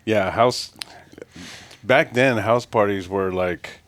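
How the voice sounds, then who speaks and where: Laid-back low-voiced man. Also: slow, fairly bright tone. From East Los Angeles. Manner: laid-back, lots of "you know" and "man". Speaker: guest tattoo artist. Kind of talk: casual podcast chat.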